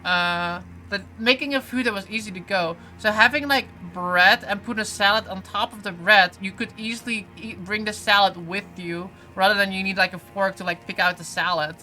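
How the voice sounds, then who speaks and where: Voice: mid-range voice, normal speed, few pauses, pushed and bright, rough recording. A streamer chatting casually while playing, reading viewer comments aloud and answering them with many fillers and restarts. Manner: frequent "like" fillers and self-corrections. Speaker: game streamer. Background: game music.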